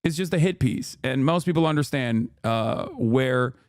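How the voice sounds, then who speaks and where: A man's voice: mid-range voice, measured pace, no echo. Sarcastic male streamer, dry sound. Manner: sarcastic, mock-outraged asides; rambling with frequent restarts. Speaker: political streamer. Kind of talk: live-stream reaction commentary.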